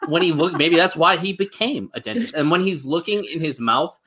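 A man's voice: fairly high pitch, bright, forceful tone, husky. A man co-hosting a podcast, chatting enthusiastically about favorite TV episodes. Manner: enthusiastic, quick asides. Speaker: podcast co-host. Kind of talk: casual chat about a TV show.

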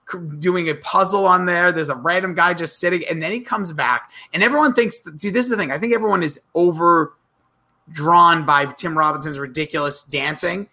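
A man's voice: a little high, normal speed. A man co-hosting a casual podcast, animatedly recapping comedy sketches, acting out the lines and laughing. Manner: animated, acts out quotes, laughs often. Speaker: podcast co-host.

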